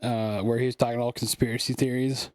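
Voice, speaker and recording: A young man co-hosting a podcast, talking sports casually in a halting, blunt way and often repeating words. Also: medium pitch, level tone, a little mellow, no room sound, clean studio sound. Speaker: podcast co-host.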